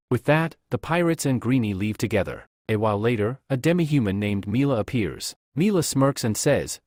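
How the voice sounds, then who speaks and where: A man narrating a comic story recap in steady storytelling. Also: medium pitch, normal speed, hardly any pauses, no echo, clean studio sound.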